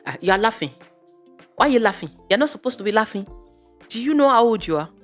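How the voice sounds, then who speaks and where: A woman's voice: lowish voice, very animated, faint music behind. A woman mimicking a pushy auntie. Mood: scolding. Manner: loud, nagging, rapid questions. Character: pushy nosy older auntie woman, scolding.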